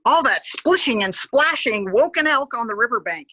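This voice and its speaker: A woman reading a picture book aloud to children as a park educator, gently pointing to the pictures and adding animal sound effects. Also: on the high side, lively intonation, normal speed, slight background noise, poor audio.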